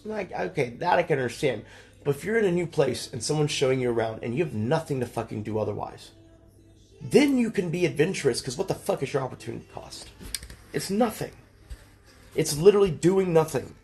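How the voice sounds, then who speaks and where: A man's voice: medium pitch, darkish tone. Man, 30s, livestreamer mid-argument; exasperated, lecturing, heavy swearing, faint music behind. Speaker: streamer.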